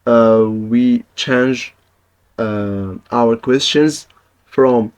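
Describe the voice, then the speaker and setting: A man's voice: medium pitch, fairly even intonation, extremely slow, clear, resonant tone, dull audio. A man teaching a Spanish lesson in English, patiently repeating each example and checking in with his viewers. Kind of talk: language lesson.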